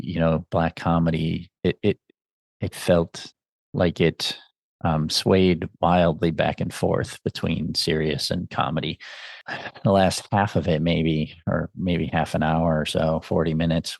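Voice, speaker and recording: Deep, gravelly man reviewing films. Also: a little mellow, dry recording, studio quality. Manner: musing, conversational, thinks aloud. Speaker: podcast host. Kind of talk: casual film review.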